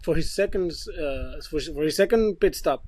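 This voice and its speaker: A man guesting on a podcast, relaxed and chatty, with casual swearing as he tells his stories. His voice sits a bit high for a man. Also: moderate pace, no room sound, rough recording.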